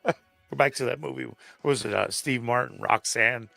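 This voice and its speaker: A man's voice: mid-range voice, vocal fry, bright, forceful tone, no echo, faint music behind. A man guesting on a movie-review podcast, casually retelling scenes and quoting lines as he goes. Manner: retells scenes with quick quoted bits.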